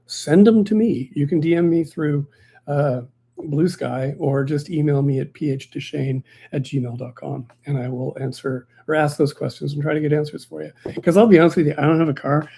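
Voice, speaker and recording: A man's voice: fairly high pitch, gravelly, warm tone, breathy edge. A man who hosts a local politics podcast, chatting casually and jokingly on a livestream with many fillers and restarts. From Canada.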